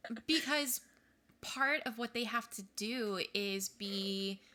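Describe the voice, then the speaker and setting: Woman podcast co-host, casual chat, bright voice, enthusiastic, quick asides. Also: fairly high pitch. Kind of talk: casual chat about a book and its film.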